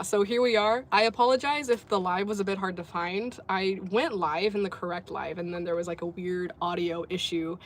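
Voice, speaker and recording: A woman's voice: mid-range voice, a little hiss or hum. A woman hosting a casual livestream from a sports bar, chatting easily, laughing often and reading out viewer comments. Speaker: livestream host.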